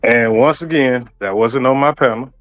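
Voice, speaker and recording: A man's voice: mid-range voice, moderate pace, muffled recording. A man arguing on an online panel, defensive and repeating himself. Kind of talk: heated argument.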